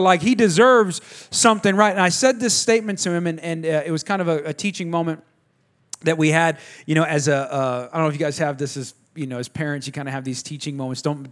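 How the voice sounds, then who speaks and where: This is a man in his thirties with a light, high-pitched voice, preaching a sermon. He talks in an easy, conversational way, mixing family stories with direct asides to the congregation. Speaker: pastor.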